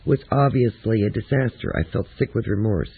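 A man narrating a first-person memoir in a steady, reflective reading. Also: on the low side, normal speed, gravelly, husky, dry recording. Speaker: audiobook narrator. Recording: tinny, lo-fi phone-like audio.

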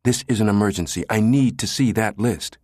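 A man voicing a pushy, fierce middle-aged woman analyst, talking in an insistent, sharp, clipped way. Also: lowish voice, a little fast, dry recording, clean studio sound, voice pushed up, close to an everyday voice.

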